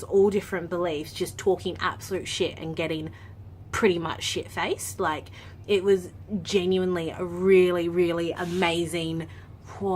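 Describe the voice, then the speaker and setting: A young adult woman vlogging, telling a story in a chatty, lively way, full of "like" and casual swearing. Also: lowish voice, a little hiss or hum. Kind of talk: story time vlog.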